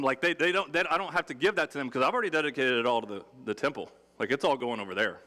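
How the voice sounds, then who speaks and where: A man preaching a sermon in a relaxed, conversational and humorous way, acting out quotes. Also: mid-range voice, rapid-fire, few pauses. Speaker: pastor. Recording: long hall reverb.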